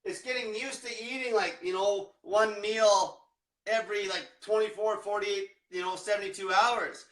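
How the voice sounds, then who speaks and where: A man's voice: high voice, fairly even intonation, moderate pace, a bit bright, distant mic. A man coaching viewers in a blunt, combative rant full of swearing. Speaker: diet coach. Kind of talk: profane motivational rant. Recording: echoey room, off-mic.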